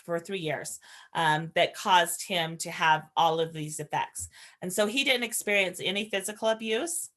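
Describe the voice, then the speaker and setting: A woman's voice: on the low side, a bit bright. A woman giving an earnest, conversational training lecture as a foster parent trainer, explaining ideas and sharing stories from her own home.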